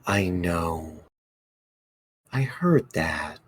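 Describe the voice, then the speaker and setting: A man playing a tabletop role-playing game, speaking in character in a calm, measured, polite way. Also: low-pitched, breathy edge. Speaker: player.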